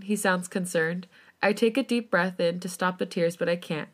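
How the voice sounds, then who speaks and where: A woman's voice: on the low side, fairly even intonation, normal speed. A woman podcast host reading fan fiction aloud in plain first-person narration, with casual asides.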